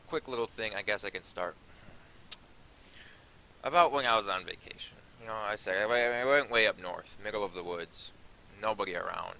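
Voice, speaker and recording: A man's voice: fairly low pitch, creaky, pushed and bright. A young man narrating his own vlog in a rambling, offhand way, swearing freely. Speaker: vlogger.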